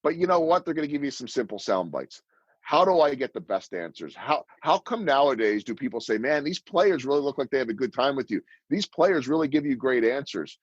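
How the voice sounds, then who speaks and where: A man's voice: mid-range voice, animated, a little fast, slightly rough, dry recording, dull audio. A man in his fifties, a sports broadcaster guest telling stories in an interview and acting out the lines he quotes. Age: 50s. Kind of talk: storytelling interview answers.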